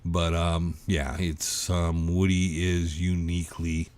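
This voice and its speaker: A man co-hosting a live podcast, chatting casually in a slow, halting way with plenty of filler words. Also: deep voice, flat delivery, a little mellow. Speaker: podcast co-host. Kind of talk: casual chat.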